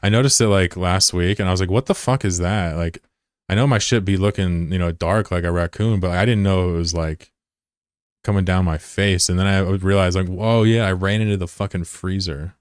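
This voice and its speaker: Low, smooth-voiced man in his thirties streaming. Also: fairly even intonation, brisk, no echo, clean studio sound. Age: 30s. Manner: loose, profane, giggly banter with chat. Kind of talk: casual live gameplay commentary.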